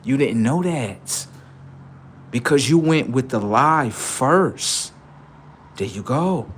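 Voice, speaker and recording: Young male streamer, casual slangy monologue, big loud spikes and low asides. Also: takes it slowly, slight background noise. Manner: animated, swings from loud outbursts to quiet asides; slangy, addresses viewers directly. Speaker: livestream host.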